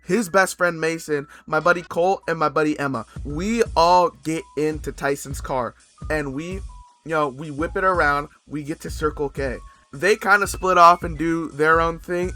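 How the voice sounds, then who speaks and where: A young man from Canada telling a story casually in a rambling, animated way, full of fillers and restarts and casual swearing. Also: fairly high pitch.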